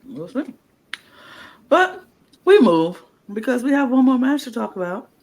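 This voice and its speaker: A woman co-hosting a podcast in casual chat, retelling events in a loose, lively way and acting out what people said. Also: on the high side, unhurried, slight background noise. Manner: animated storyteller, acts out quotes; loose, colloquial phrasing. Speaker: podcast co-host.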